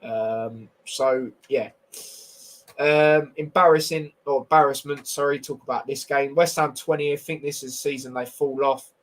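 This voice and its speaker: A man's voice: mid-range voice, steady tone, moderate pace, poor audio. A young man hosting a casual football review stream, blunt and opinionated with slangy banter. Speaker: football podcast host.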